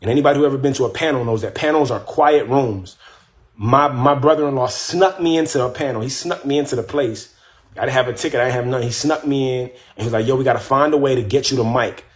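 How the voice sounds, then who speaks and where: A man's voice: mid-range voice, quick pace. A man casually telling a story on his live stream, profane and laid-back, greeting viewers as he goes. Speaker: live-stream host and rapper.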